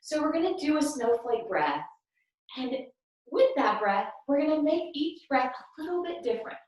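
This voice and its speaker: A young woman guides kids through a yoga class in an upbeat, encouraging, sing-song voice that swoops up and down. She sits a bit above the usual pitch. Her voice rings around a very echoey room and sounds a little off-mic. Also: very animated, normal speed, a little mellow, far from the mic. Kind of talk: guiding a children's movement lesson. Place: room at home.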